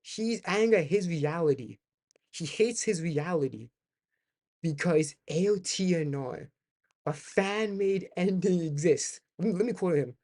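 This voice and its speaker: A man's voice: a little high, expressive, unhurried, a little mellow. A young man streaming a reaction video, ranting and swearing, often repeating himself. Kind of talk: livestream reaction commentary.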